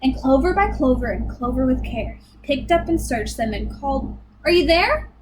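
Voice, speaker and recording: High-voiced woman reading a rhymey storybook, steady hiss behind. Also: moderate pace. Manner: rhythmic, expressive. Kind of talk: reading a rhyming picture book aloud.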